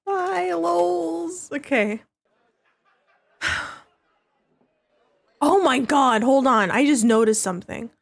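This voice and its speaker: A woman's voice: high-pitched, creaky. A woman streaming a game live, chatting casually with her viewers and laughing often. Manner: giggly, excitable, laughs often.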